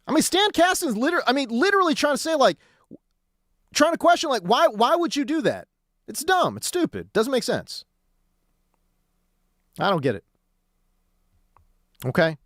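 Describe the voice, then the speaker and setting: A man's voice: very high-pitched, huge pitch swings, moderate pace, pauses often, fairly bright tone, no room sound, clean studio sound. A man hosting sports talk radio, ranting in a heated, exasperated way and hammering his points with repetition.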